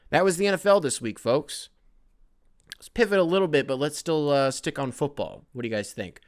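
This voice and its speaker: A man hosts a casual solo sports podcast, rambling and swearing as he jokes his way through the week. His voice sits at an ordinary middle pitch. The recording is dry and close, with no room sound. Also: a bit bright, no room sound. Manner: rambling, profane, jokey, reads listener emails aloud. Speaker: podcast host.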